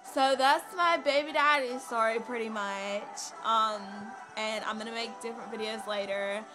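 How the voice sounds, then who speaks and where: A woman's voice: a little high, steady tone, normal speed. Hesitant young woman vlogger over music. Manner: rambling, hesitant with many fillers. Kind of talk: personal story vlog.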